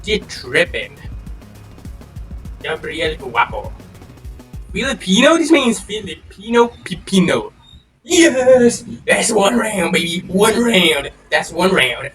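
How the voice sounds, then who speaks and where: An excitable young man talks his way through a game, trash-talking and swearing as his voice jumps all over the place. He sits a bit back from the mic, and loud game music plays behind him. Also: high-pitched, slow, distant mic. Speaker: gaming channel host. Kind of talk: casual gameplay commentary.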